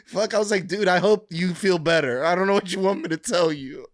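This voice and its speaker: A fairly high-voiced man chats casually as a podcast co-host. He talks in an animated way, laughing often and cursing freely while telling stories. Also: moderate pace, hardly any pauses, no echo, studio quality. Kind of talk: casual chat.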